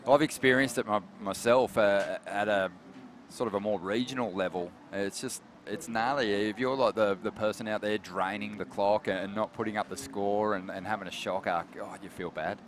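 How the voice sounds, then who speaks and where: A man with an Australian accent calling a surf contest, his voice sitting low and easy. He talks in a relaxed, matey way, with a faint hiss of outdoor noise behind him. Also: moderate pace. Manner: relaxed and chatty, calls people mate. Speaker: surf commentator. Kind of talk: live sports commentary.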